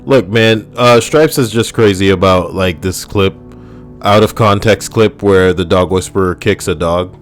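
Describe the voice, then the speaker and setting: A man's voice: low voice, measured pace, soft background music. A man, hosting a casual comedy video in a crude, rambling, sardonic way. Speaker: video host.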